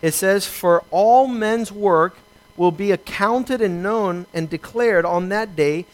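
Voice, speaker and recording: A man with a high-pitched voice preaches a sermon from the pulpit. He reads scripture aloud and slows down to stress key words. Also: low-quality recording. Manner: preaching with emphatic slowdowns, quoting scripture and acting out dialogue. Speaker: pastor.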